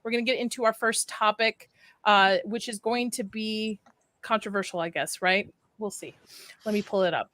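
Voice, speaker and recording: A woman's voice: medium pitch, steady tone, moderate pace, fairly bright tone. A chatty woman hosting a casual live stream, laughing as she talks and getting over a flu. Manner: chatty, laughs between words. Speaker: stream host.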